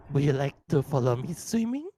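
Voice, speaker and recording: A woman voicing a sinister male nightmare-bringer who talks in falsely kind tones, swinging between sweet highs and low murmurs. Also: warm tone, a little hiss or hum.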